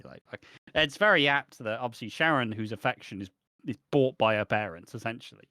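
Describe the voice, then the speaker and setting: A man's voice: medium pitch, animated, a little fast, pushed and bright, no room sound. Swearing man, dry close sound. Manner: swears a lot, emphatic. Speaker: co-host. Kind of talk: casual podcast chat.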